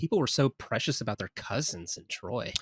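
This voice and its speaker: A man hosting a casual podcast chat, animated and quick to laugh. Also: medium pitch, husky, no echo, clean studio sound. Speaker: podcast host.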